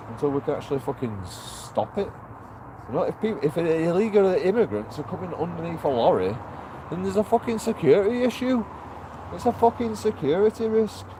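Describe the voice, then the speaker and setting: A man's voice: on the high side, noisy background. A man ranting heatedly and swearing constantly as he walks down a town street vlogging. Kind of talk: walking street vlog rant.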